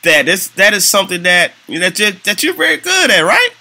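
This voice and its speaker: A young adult man co-hosting a podcast in casual chat, laid-back and teasing, with halting phrasing. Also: high-pitched, sing-song, creaky, pushed and bright. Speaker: podcast co-host.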